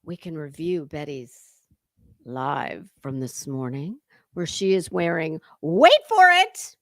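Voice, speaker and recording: A woman's voice: on the high side, a bit bright, dry recording. A woman hosting a casual livestream commentary, talking in a sarcastic, mocking way and chatting to viewers. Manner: sarcastic and mocking, with lots of fillers.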